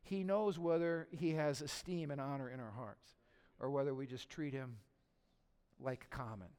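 A man's voice: mid-range voice, normal speed, clear, resonant tone. Man preaching in a reverberant church hall. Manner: conversational preaching with audience questions and humor; swings from soft and hushed to loud and emphatic. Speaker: pastor. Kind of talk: sermon. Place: church sanctuary.

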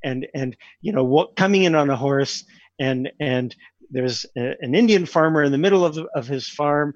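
A man's voice: on the high side, moderate pace, dry recording, muffled recording. A man, a composer and pianist, talking as an interview guest, discursive and restarting often. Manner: discursive, restarts often, animated with rising questions. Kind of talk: reflective conversational interview.

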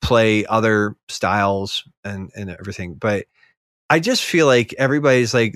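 A man talks on a podcast in a low voice, rambling and animated, and his pitch jumps up when he mocks other players. The sound is close and dry. The talk is casual and fast-shifting, full of restarts. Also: dry recording. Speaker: podcast co-host. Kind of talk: casual chat.

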